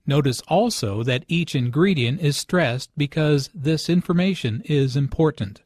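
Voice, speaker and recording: A man reads language notes for learners slowly and carefully. His voice sits a little high for a man. The recording is close and dry. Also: animated, a little mellow, no room sound. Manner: slow, deliberate teaching delivery. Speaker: English teacher. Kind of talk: scripted dialogue and language notes.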